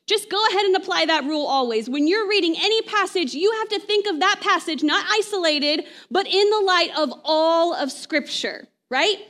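A woman preaching a conversational sermon, often checking in with "right?" and slowing down to read scripture aloud. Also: very high voice, a bit bright.

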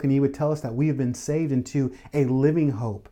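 A man preaching a sermon, earnest and steady, asking the listeners questions and rising to emphatic bursts. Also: medium pitch, brisk, few pauses. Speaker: pastor.

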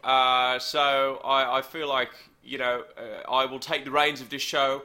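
A man hosting a comedy show with dry, teasing, deadpan banter. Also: mid-range voice, a little slow. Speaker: comedy podcast host.

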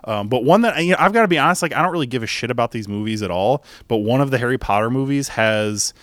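A man's voice: medium pitch, expressive, fast talker, fairly bright tone, no echo, clean studio sound. A man hosting a podcast, chatting casually, laughing often and swearing now and then. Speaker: podcast host. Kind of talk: casual chat.

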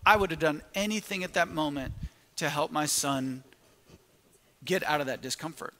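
A man's voice: a little high, normal speed, pushed and bright, long reverb tail. A man preaching a sermon, telling a story with quoted asides and frequent restarts.

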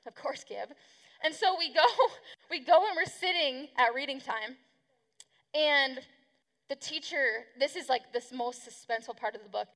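A woman's voice: high voice, moderate pace, pushed and bright, big-room sound. A woman preaching a casual youth sermon, chatty and slangy, acting out the people she talks about. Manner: chatty, slangy, acts out quotes. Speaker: youth pastor.

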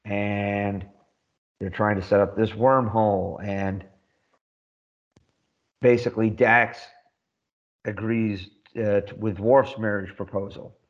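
A man in casual podcast chat, rambling excitedly and laughing often as he recaps. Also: on the low side, slow pace, long pauses, highs cut off. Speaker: podcast co-host.

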